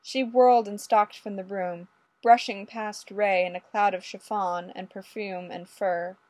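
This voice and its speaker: Lady reading a story out loud, lively, super dry close mic. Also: medium pitch, a little slow, dry recording. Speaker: audiobook reader. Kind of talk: storybook narration.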